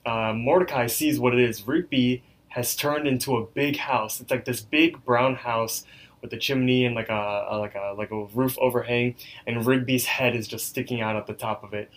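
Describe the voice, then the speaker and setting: A man's voice: mid-range voice, steady tone, normal speed. A young man co-hosting a podcast, chatting casually as he recaps a cartoon episode, with lots of likes and ums. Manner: loose recapping with many fillers. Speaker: podcast co-host.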